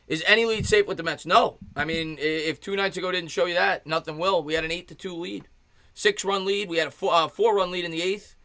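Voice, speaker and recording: Excited fan calling play-by-play, bright voice. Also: male voice, fast, no echo, studio quality. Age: 30s. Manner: excited fan calling pitches, thanks chat viewers. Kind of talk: live play-by-play commentary with chat replies.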